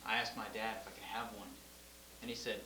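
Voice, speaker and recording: A man's voice: on the low side, little pitch movement, quick pace, pushed and bright, reverberant. A young man playing a flustered patient in a comedy short, rambling and stammering. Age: young adult. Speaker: actor in a student comedy film.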